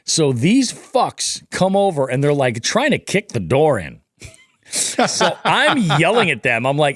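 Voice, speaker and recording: A man's voice: fairly high pitch, measured pace, dry recording, clean studio sound. A man guesting on a podcast, telling a casual, profane story and acting out what people said. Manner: animated, profane, acts out quoted dialogue.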